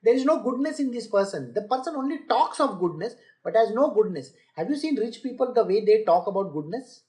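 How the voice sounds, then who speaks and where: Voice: mid-range voice, big pitch swings, a little fast, hardly any pauses, warm tone. A spiritual teacher giving a scripture lecture, asking listeners rhetorical questions and mocking boastful people by quoting them.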